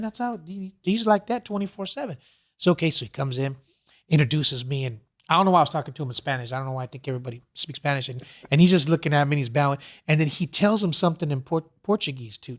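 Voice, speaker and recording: Man, podcast host, higher voice, casual chat, rambling storyteller, lots of fillers. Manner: rambling storyteller, full of "you know" and "whatever".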